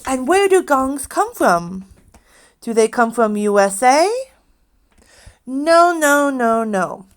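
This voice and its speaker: Slow, sing-song woman teacher. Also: clear, resonant tone. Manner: slow, drawn-out teacher talk, lively pitch, praises and prompts. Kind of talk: children's online lesson.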